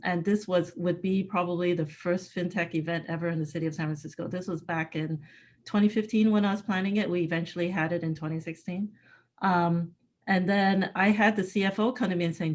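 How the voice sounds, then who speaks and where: A woman with a slightly low voice gives candid interview answers. She is blunt and emphatic, stresses her key words, and laughs often. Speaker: guest speaker, executive.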